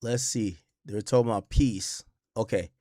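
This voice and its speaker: A man hosting a live stream, reacting to news with animated, profane commentary. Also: fairly low pitch, moderate pace, dry recording, clean studio sound. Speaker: streamer host.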